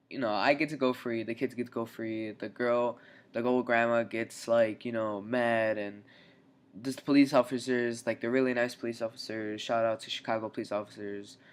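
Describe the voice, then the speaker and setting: Young man, casual storyteller, rambling, lots of fillers, mid-pitched voice. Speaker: vlogger.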